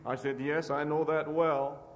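A middle-aged American man who leads a farm organization, giving a convention speech with forceful, repetitive rhetoric. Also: a little high, little pitch movement, a little slow, highs cut off, slight background noise. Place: large convention hall. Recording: echoey hall, old cassette tape.

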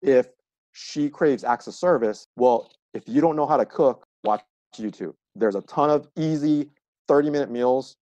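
A man's voice: mid-range voice, moderate pace, warm tone, no echo, muffled recording. A man appearing as a coach guest on a podcast, explaining earnestly and with examples in a casual chat.

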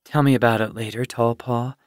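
Tired, distracted mother cat in an audiobook, soft-spoken; voiced by a male narrator. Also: medium pitch, fairly even intonation, fairly quick, dry recording, clean studio sound, natural voice. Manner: soft murmur.

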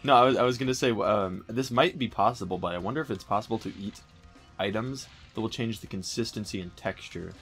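A man's voice: lowish voice, a bit bright. A young man co-hosting a let's play, joking crudely and laughing through casual banter. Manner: fast, laughing, jokey. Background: game music.

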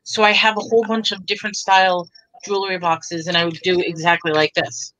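A woman pitching bargains on a live stream in a chatty, bubbly way. Her voice is bright and forward, and she keeps talking up each deal as she shows the items. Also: little pitch movement, fairly quick, low-quality recording. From Texas. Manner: chatty, bubbly, pushes deals. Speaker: seller on a live online auction.

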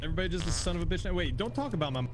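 A man's voice: fairly high pitch, animated, racing, low-quality recording. A man chatting during an online game, teasing the others with laughing banter. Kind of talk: casual gaming chat.

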